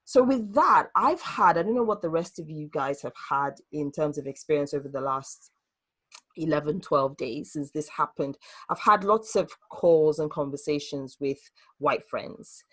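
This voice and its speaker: Host, woman, low-pitched, earnest and reflective, video-call chat. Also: normal speed, a bit bright, slightly rough. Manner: earnest and reflective, hesitant with restarts. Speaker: host leading a group discussion. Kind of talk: casual group discussion.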